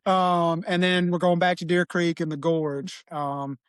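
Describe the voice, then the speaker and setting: A man's voice: a little high, level tone, measured pace, smooth, no echo. A man as a podcast guest, talking in an easygoing, rambling way with fillers. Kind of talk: casual interview chat.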